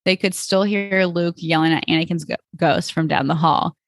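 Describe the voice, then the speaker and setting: A woman host reads fan fiction aloud in a plain storytelling voice, stumbling now and then. Her voice has a gravelly fry, and the recording is dry with no room sound. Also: on the low side, normal speed, dry recording. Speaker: podcast host.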